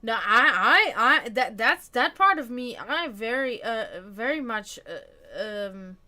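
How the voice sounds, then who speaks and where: A woman with a fairly high, animated voice and a sharp tone speaks slowly as she hosts a casual livestream. She chats loosely with viewers, answering their comments, and her talk is packed with fillers and restarts.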